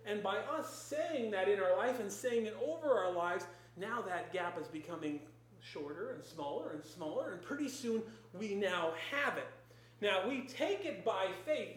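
A preacher delivering a sermon in emphatic, repeated declarations. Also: mid-range voice. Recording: very echoey room.

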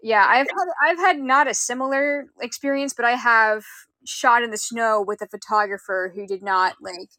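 A woman's voice: on the high side, normal speed, hardly any pauses, pushed and bright, dry recording, poor audio. A woman hosting a casual interview, reacting with sympathy and blunt swearing. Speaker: podcast host.

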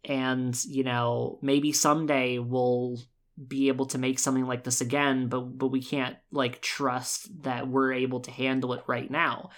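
A podcast co-host recapping a game story in a casual, rambling, excitable way, with lots of fillers. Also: mid-range voice, measured pace.

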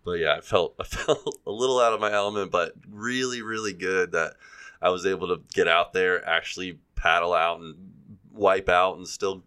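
A man's voice: low-pitched, steady tone, moderate pace, bright, forceful tone, clear, resonant tone. A man in his forties telling a self-deprecating story in casual podcast chat, laughing often. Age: 40s. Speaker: podcast co-host.

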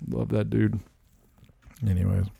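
A man's voice: fairly low pitch, little pitch movement, measured pace, vocal fry, mellow, breathy edge. A man co-hosting a podcast in casual chat, enthusiastic, laughing often and swearing casually. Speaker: podcast co-host.

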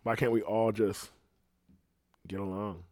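A man's voice: lowish voice, steady tone, a little slow, no echo, studio quality. Rambling, profane male podcast host. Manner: rambling, profane, swings between loud outbursts and muttering. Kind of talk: casual podcast chat. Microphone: podcast microphone.

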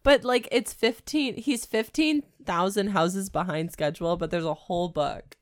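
A woman's voice: medium pitch, moderate pace, no room sound, clean studio sound. A woman co-hosting a podcast, reacting with incredulous, mocking comments and frequent giggles. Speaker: podcast co-host. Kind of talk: casual comic chat.

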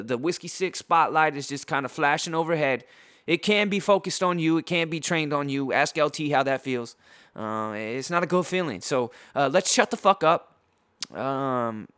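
A man hosting a podcast, tipsy and trash-talking through a profane sports rant. His voice is bright and forceful and sits a little high, and he stumbles into restarts as he goes. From San Diego. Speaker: podcast host.

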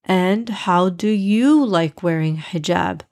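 A woman voicing a gentle, patient father in a storybook reading, speaking in a soft, reassuring way. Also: on the low side, slow pace. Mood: tender.

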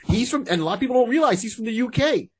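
A man's voice: extremely high pitch, lively intonation, very fast, darkish tone, breathy edge. A man co-hosting a podcast, chatting casually and rambling with restarts and asides. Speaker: podcast co-host. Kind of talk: casual chat.

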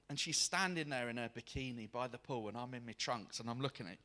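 A man preaching a sermon to a congregation, telling a personal story in an animated way and acting out the people in it. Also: medium pitch, fast, hardly any pauses. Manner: animated, acts out quoted voices. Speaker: guest preacher.

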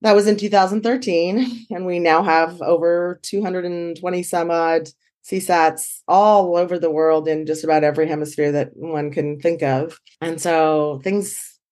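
A woman guest, a dog trainer, telling her story in an animated way and acting out quoted dialogue. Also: lowish voice, a little slow. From San Francisco Bay Area. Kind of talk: conversational storytelling.

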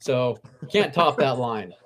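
A man's voice: medium pitch, expressive, slow pace, fairly bright tone. A man co-hosting a horror movie podcast, chatting casually and raving enthusiastically. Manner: enthusiastic, effusive. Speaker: podcast co-host. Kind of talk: casual chat.

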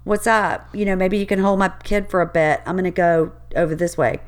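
A woman's voice: lowish voice, steady tone, a little fast, close to an everyday voice. A woman voicing an easygoing mother bear who talks in a friendly, casual way.

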